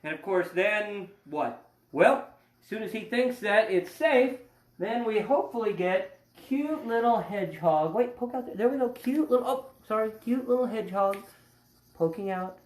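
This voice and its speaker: A man's voice: high voice, animated, moderate pace. A man hosting an educational animal show, chatting playfully and cracking jokes as he handles the animals. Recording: roomy echo.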